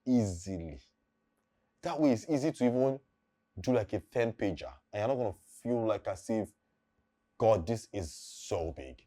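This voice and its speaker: A man's voice: medium pitch, animated, moderate pace, mellow. A man, an acting coach explaining how to deliver lines in a casual, emphatic teaching talk that repeats key points.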